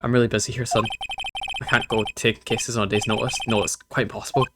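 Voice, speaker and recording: A man's voice: on the low side, little pitch movement, quick pace, heavy background noise, lightly acted. A man doing a pompous old lawyer. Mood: evasive. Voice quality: stuffy, old-fashioned, blustering. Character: pompous older male lawyer, gruff and evasive.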